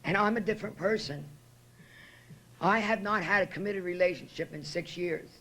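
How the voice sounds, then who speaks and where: Her voice is fairly low and a bit bright, moving at a normal speed, as a woman at a podium shares her recovery story with a meeting. She tells it bluntly and emotionally, with plenty of profanity.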